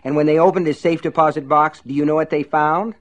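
A man reading aloud and voicing a dazed, hot-tempered small-town man who talks in a thick, rough way. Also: fairly high pitch, steady tone, fast, highs cut off, voice pushed up, natural voice. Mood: furious. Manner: thick, sleepy, then furious.

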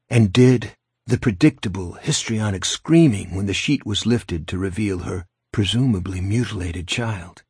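A man's voice: low voice, creaky, husky, dry recording. A man narrating an audiobook in a dry, wry storytelling manner, close to the mic. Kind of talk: scripted narration.

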